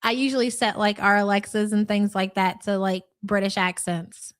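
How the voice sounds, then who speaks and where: A woman co-hosting a casual livestream chat, talking in a gossipy, mocking way. She laughs often and keeps a loose, chatty rhythm. Her voice sits at an ordinary middle pitch. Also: steady tone, normal speed, smooth. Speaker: co-host.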